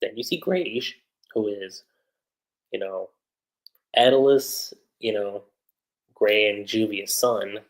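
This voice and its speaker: A man's voice: lowish voice, slow pace, long pauses, rough recording. A man reviewing an anime on a livestream in a casual, rambling way, laughing often and acting out quotes. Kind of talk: casual livestream episode recap.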